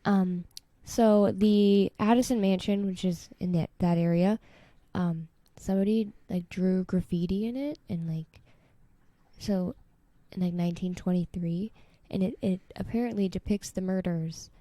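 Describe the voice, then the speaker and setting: A woman's voice: lowish voice, fairly even intonation, unhurried, warm tone, dry recording. A woman co-hosting a podcast, chatting casually and retelling a story with lots of "like" and "um" and frequent giggles. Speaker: podcast co-host. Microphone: podcast mic.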